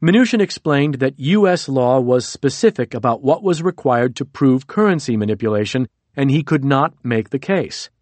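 Brief: male audiobook narrator, measured delivery, dead-dry booth sound. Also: medium pitch, animated, darkish tone, no room sound. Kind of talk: scripted narration.

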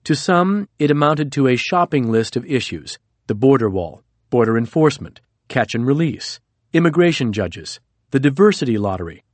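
A man giving a measured, scripted audiobook narration into a close studio mic. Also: medium pitch, a little mellow, no echo.

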